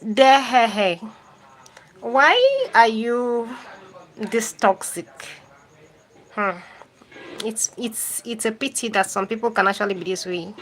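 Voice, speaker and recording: Higher-voiced woman hosting a live chat. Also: takes it slowly, pauses often, a bit bright, poor audio. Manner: answers comments directly, repeats phrases for emphasis. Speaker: YouTube host reading live chat. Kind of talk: live stream chat, talking to viewers.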